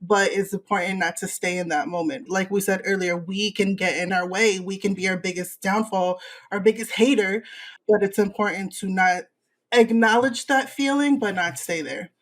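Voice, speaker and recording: A woman's voice: medium pitch, normal speed. A woman hosting a podcast speaks in a conversational, mid-range voice. She is supportive and reflective, easing her guest along with encouraging remarks. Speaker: podcast host.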